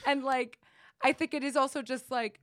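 Young woman host, animated storyteller, slightly high voice, dry close mic. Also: moderate pace, no room sound. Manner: animated storytelling, laughs often, swears casually. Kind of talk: casual chat.

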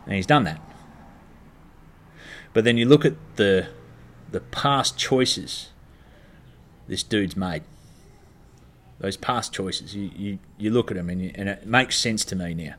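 Blunt Australian bloke, lowish voice. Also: male voice, a little slow, long pauses. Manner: blunt, heavily profane, exasperated ranting. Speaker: stand-up comedian. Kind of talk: casual monologue storytelling.

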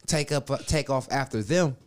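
A man on a casual podcast telling a long profane story, acting out quotes and swinging between loud and soft. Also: mid-range voice, moderate pace. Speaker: podcast co-host. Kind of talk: casual chat. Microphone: studio mic.

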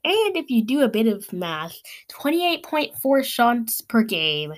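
A woman reading hockey stats aloud in a sarcastic, exasperated rant, her voice worn from yelling. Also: fairly high pitch, sing-song, slow. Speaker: sports fan commentator.

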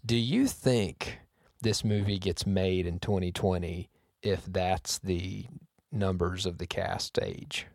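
Low-voiced wry male podcast host. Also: fairly even intonation, slow pace, gravelly, a little mellow, dry recording, studio quality. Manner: wry, joking, slightly rambling. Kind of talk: casual podcast chat.

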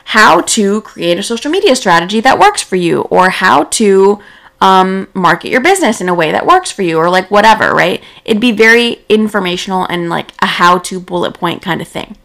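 A woman's voice: mid-range voice, animated, moderate pace, vocal fry, fairly bright tone. A young woman hosting a solo podcast as a business coach, talking casually and a bit tired late at night, with lots of "right?" and "like".

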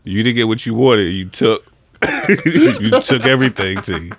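A man's voice: on the low side, a little slow, no echo. A man co-hosting a casual podcast chat, teasing and laughing at a friend's story. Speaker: podcast co-host.

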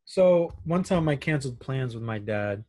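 A young man casually telling a long personal story on a podcast, animated and quoting his friends as he goes. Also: medium pitch, moderate pace, dry recording.

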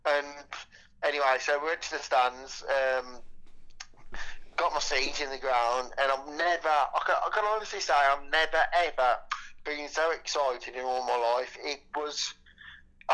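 A man's voice: a little high, moderate pace, pushed and bright, rough recording. A man, chatting as a podcast guest, rambling with many repeated words and casual swearing. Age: 20s. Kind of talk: casual chat.

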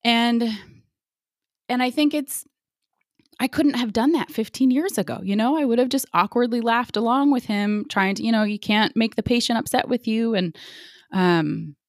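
A woman's voice: on the high side, moderate pace, no room sound, clean studio sound. A woman in her forties, a sports medicine physician, speaks candidly as an interview guest, telling stories with lots of fillers. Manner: candid, animated, frequent fillers.

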